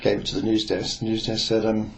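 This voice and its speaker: An older man who once worked as a newspaper reporter reflects on a workplace memory, oral-history style, rambling and hesitant with lots of fillers and restarts. His voice sits on the low side and is creaky and monotone, and he talks fast.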